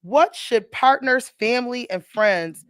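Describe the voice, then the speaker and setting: A woman hosts a radio show in casual chat with a Southern US accent, her voice sitting fairly high. She talks emotionally and laughs easily. The sound is close and dry. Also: unhurried, clear, resonant tone, no room sound.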